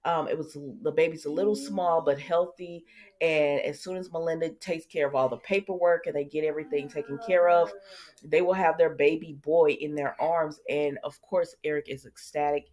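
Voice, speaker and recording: A woman hosting a casual soap opera recap, chatty and lively, talking straight to her viewers with asides. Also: deep voice, moderate pace.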